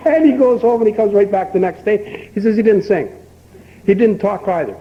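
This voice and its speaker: An older man speaking at a recovery meeting, telling a long folksy joke and acting out both characters with lively emphasis. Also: high-pitched, fairly quick. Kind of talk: storytelling talk at a recovery meeting. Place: meeting hall. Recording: dull lo-fi archival tape with faint hiss.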